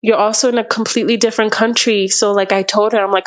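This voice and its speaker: This podcast guest is a young woman from Canada whose medium-pitched voice stays level and brisk, with few pauses. Her long story wanders loosely, packed with "like" and with quotes she performs.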